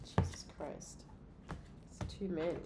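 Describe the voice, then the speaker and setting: A woman's voice: unhurried, background noise. A congested woman giving a casual, profane tarot reading to her viewers, giggling between cards. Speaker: tarot reader.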